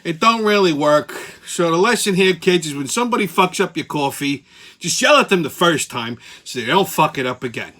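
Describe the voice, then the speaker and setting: A man's voice: on the high side, lively intonation, fairly quick, sharp tone. A man hosting his own channel, telling a heated, profane story in a casual rant. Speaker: channel host.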